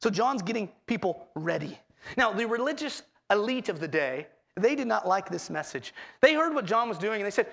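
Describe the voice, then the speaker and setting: A man preaching a sermon as pastor, expressive, acting out quoted voices with swings in pitch. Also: normal speed, creaky.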